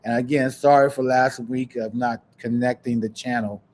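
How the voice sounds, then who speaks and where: A man hosting a podcast, chatting casually and preaching encouragement in a warm, churchy way. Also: mid-range voice, steady tone, moderate pace, a little hiss or hum. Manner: warm, churchy, breaks into laughs and sing-song. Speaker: podcast host. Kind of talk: casual livestream chat, preachy sign-off.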